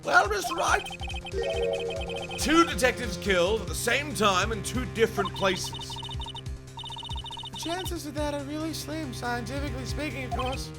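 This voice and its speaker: A man doing a squeaky fussy old judge. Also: animated, a little slow, long pauses, over loud music. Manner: squeaky, says bonk for his gavel. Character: fussy high-voiced old male judge.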